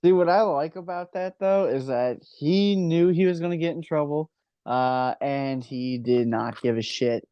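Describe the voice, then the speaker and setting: Excitable man, casual podcast co-host. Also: mid-range voice, clear, resonant tone, no room sound, dull audio. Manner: enthusiastic, swearing, laughing. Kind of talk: casual racing chat.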